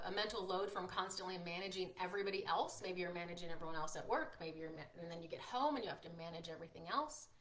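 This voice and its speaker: A woman's voice: lowish voice, a bit bright. Upbeat chatty woman workshop host. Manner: chatty and upbeat, reads out viewer comments; encouraging, frequent fillers like "like" and "um". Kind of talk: live-streamed workshop talk.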